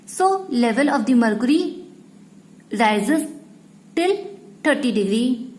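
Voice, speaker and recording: A woman teacher, explaining a lesson to students slowly and repeating each point. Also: high-pitched, animated, darkish tone, low-quality recording. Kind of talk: slow classroom explanation.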